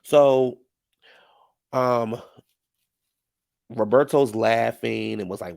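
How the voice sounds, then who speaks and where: A man's voice: mid-range voice, normal speed, creaky. A man giving casual, sassy reality-TV recap commentary, full of slang like "child" and "honey.".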